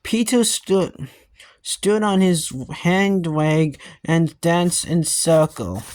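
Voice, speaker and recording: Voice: medium pitch, extremely slow, a little mellow. A young reader stumbling and restarting while reading a children's book aloud. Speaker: storybook reader.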